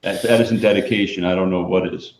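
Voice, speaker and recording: A man hosting a live stream, chatting casually and playing along deadpan with the jokes. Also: deep voice, brisk, a little hiss or hum. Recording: echoey, dull lo-fi stream audio.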